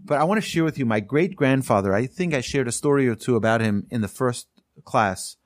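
A man teaching a class, telling stories earnestly and emphatically, often restarting his sentences and slowing down to stress key points. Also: medium pitch, animated, no room sound, clean studio sound. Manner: slows down to stress key phrases.

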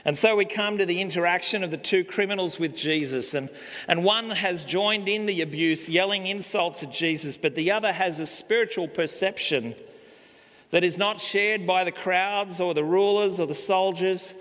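A male pastor preaching a sermon, slow and emphatic, pausing on key words. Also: high voice, a bit bright. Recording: long hall reverb.

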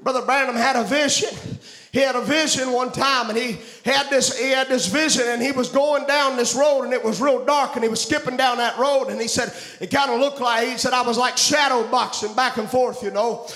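A man preaching a fervent revival sermon, shouting and chanting in a sing-song style. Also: extremely high pitch, steady tone, a little fast. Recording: roomy echo.

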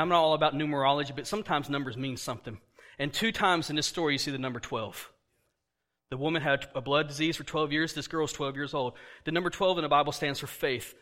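Man, pastor, sermon, animated storyteller, quiet low asides, high voice. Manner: animated, acts out dialogue, laughs often.

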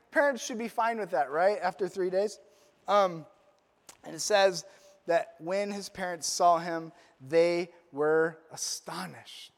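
High-voiced male pastor in a hall. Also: takes it slowly. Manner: playful storytelling, joking asides. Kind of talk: Father's Day sermon. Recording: long reverb of a large hall.

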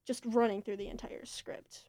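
A woman's voice: a little high, flat delivery, normal speed, warm tone. A young woman on a student production crew, chatting casually and saying "like" a lot. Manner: chatty, heavy use of "like". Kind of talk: casual panel chat.

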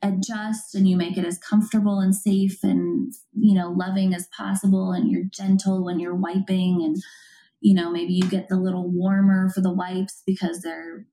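A woman's voice: fairly low pitch, little pitch movement, normal speed, mellow, poor audio. A woman hosting a parenting podcast, explaining ideas earnestly in casual conversation with plenty of fillers. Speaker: parent coach, podcast host.

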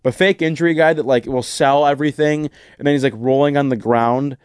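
A man's voice: medium pitch, steady tone, a little fast, darkish tone, clean tone, dry recording, clean studio sound. A man in casual podcast chat, ranting with lots of "like" and restarts. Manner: ranting, heavy use of "like", frequent restarts.

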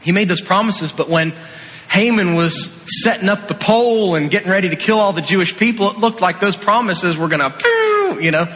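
An energetic male preacher tells a story to his congregation with a playful, lively delivery. His high, bright voice carries through a long, echoing hall. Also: brisk. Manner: energetic, playful, acts out scenes. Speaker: youth pastor. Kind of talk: animated sermon storytelling. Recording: echoey hall.

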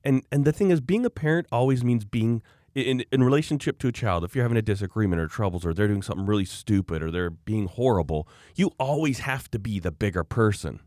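Emphatic, opinionated low-voiced man. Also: lively intonation, fast, darkish tone, no echo, clean studio sound. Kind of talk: casual podcast chat.

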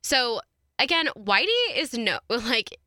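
A woman talks through a true-crime case in a casual, chatty way and laughs often. Her voice is bright and forward. The sound is dry and close, with no room around it. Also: on the high side, animated, slow, dry recording. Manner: chatty, laughs often, reads quotes aloud. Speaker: podcast co-host.

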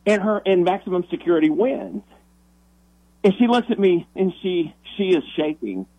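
Excitable man telling a story on the radio. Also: high voice, dry recording, phone-quality sound. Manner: animated, excitable storyteller with quick restarts. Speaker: guest minister telling a story.

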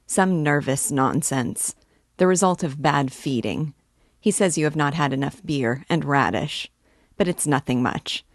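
A woman reads as a hearty young male student who bosses people around and cracks jokes. Her voice is low and unhurried, and the recording is dry and close.

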